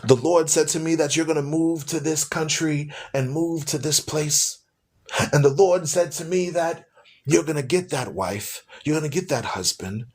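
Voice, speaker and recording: A man imitating a fiery preacher who chants and shouts prophecies in a sing-song way. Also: on the high side, moderate pace, slightly rough. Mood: mocking, fervent.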